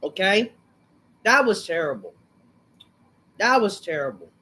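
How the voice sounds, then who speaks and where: A woman hosting a wrestling review, ranting angrily with constant swearing and bursts of shouting. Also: mid-range voice, big pitch swings, unhurried, slightly rough. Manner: angry, swearing, repeating insults.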